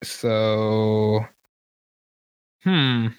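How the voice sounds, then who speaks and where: A man's voice: on the low side, drawn-out words, clean tone, no echo, studio quality. Easygoing male game master. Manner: relaxed, rambling, many fillers, laughs easily. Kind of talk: narrating a tabletop game.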